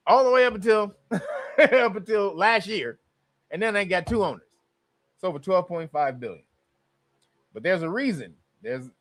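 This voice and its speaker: A man's voice: high voice, no room sound. A man hosting a live stream, talking casually with lots of profanity and sudden bursts of outrage. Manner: profane, excitable, bursts into loud outrage and laughter.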